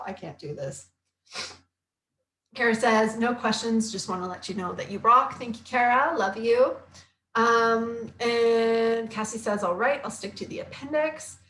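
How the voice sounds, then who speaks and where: A woman who works as a health coach and author, chatting casually on a live stream and reading viewer comments aloud in an upbeat way, with quick asides and many fillers. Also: fairly high pitch, a bit bright, a little hiss or hum. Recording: roomy echo.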